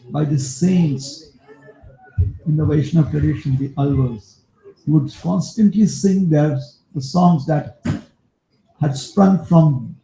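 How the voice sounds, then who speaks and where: A male preacher telling a devotional story in a sermon, as an animated storyteller who turns aside to talk to his listeners. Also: a little high, vocal fry. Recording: echoey room.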